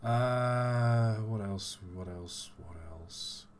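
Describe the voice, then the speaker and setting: A man hosting a casual live-stream Q&A, thinking aloud with hesitant pauses and repeated phrases. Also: on the low side, a little hiss or hum. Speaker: livestream host.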